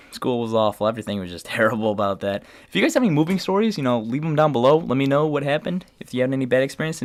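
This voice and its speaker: A man's voice: mid-range voice, no echo. A teenage man from the New York area telling a long personal story to camera in a casual, rambling way, full of fillers and restarts. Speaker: vlogger.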